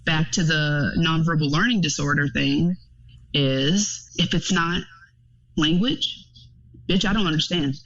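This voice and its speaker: A woman's voice: sits low, measured pace. A woman speaking as a podcast guest in candid casual chat, telling stories frankly with plenty of swearing. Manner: frank, profane, animated storytelling. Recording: dull lo-fi podcast audio.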